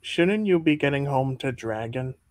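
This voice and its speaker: A woman's voice: very deep voice, animated, normal speed, darkish tone, dry recording. A woman voicing a spirited young princess wife in a fan dub, patient and coaxing. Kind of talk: fan dub of an animated film.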